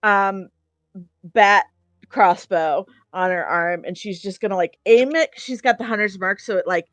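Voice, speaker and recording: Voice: medium pitch, unhurried, a bit bright, dry recording. A player in a tabletop game, rambling and giggly while describing a move. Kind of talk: casual tabletop game chat.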